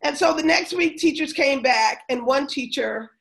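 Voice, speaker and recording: A woman's voice: sits high, normal speed, gravelly, low-quality recording. A woman, a former teacher and coach, telling a story in a casual interview and acting out what people said. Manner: animated, acts out quoted voices.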